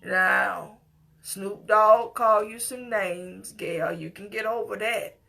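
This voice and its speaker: A woman's voice: medium pitch, fairly even intonation, takes it slowly, vocal fry, pushed and bright. A middle-aged woman giving an impassioned, scolding personal commentary, at times tearful and pleading. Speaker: commentator reacting to a news story.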